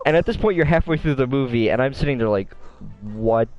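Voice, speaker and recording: A man co-hosts a casual podcast and tears into a subject in a loud, profane rant. His storytelling is animated and full of swearing. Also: mid-range voice, rapid-fire, lo-fi sound, faint music behind. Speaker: podcast co-host.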